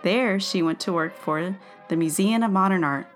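Female podcast co-host, reads history aloud, giggles and stumbles, soft music bed. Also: fairly low pitch, moderate pace. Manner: giggly, stumbles over words. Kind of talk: reading history aloud, casual chat.

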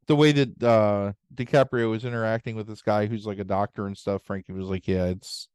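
A man's voice: fairly low pitch, steady tone, a little fast, darkish tone, smooth, dry recording, studio quality. A man co-hosting a podcast in casual chat, easygoing and chatty with fillers.

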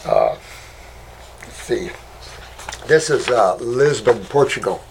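A man's voice: mid-range voice, sing-song, slow pace, gravelly, slight background noise. A man hosting a casual health talk, answering viewer questions in a folksy, rambling way and calling listeners honey.

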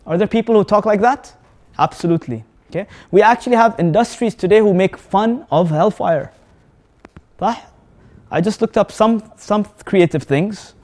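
A man with a high voice preaches a lively sermon to a live audience. He asks the audience questions and mixes Arabic words and recitation into his English. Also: normal speed. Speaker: Islamic preacher.

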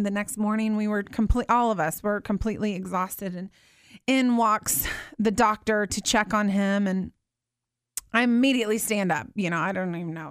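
A woman in her thirties telling a personal faith story, earnest and heartfelt, slowing down to stress her words. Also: on the high side, fairly bright tone, dry recording, clean studio sound. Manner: earnest, heartfelt, slows down for emphasis.

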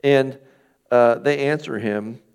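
A man's voice: medium pitch, slow pace, a little mellow, clean tone. A middle-aged man preaching a sermon in a conversational way, asking his listeners questions and acting out the people in the passage. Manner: conversational, asks the listeners questions, acts out quoted speakers. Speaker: pastor.

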